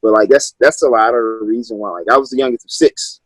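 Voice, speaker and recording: This Maryland man in his thirties coaches high school wrestling and appears as a guest in a casual interview, telling loose, rambling stories full of restarts. His voice is medium in pitch, fairly even, fast and husky. The recording is rough, with no room sound.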